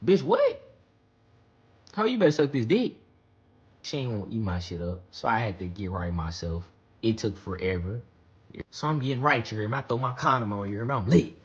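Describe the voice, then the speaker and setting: A young man telling a casual storytime monologue in slangy, profane talk, often checking in with "you hear me?" and jumping high when he recounts panicky moments. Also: fairly bright tone, breathy edge, muffled recording.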